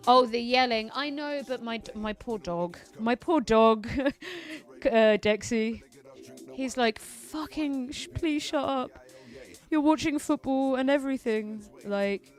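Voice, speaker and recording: A woman's voice: a little high, fairly bright tone. A woman streamer ranting through casual political commentary, heated and profane.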